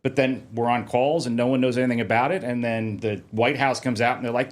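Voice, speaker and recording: Male podcast guest, a fire protection engineer, rapid and lively in casual chat. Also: medium pitch. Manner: fast, animated storyteller, mocks officials in a sing-song voice.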